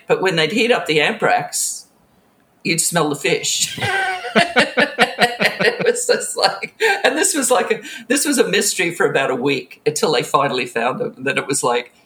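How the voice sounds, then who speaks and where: Animated storyteller with lots of laughter. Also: female voice, deep voice, moderate pace. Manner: animated, laughs often, jumps into quoted voices. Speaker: author and music industry veteran. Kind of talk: casual storytelling interview.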